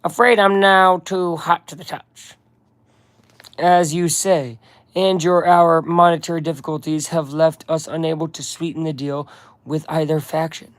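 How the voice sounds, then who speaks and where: A man putting on the voice of a measured, menacing male crime boss while reading game dialogue aloud. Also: a little high, little pitch movement, dry recording, close to an everyday voice.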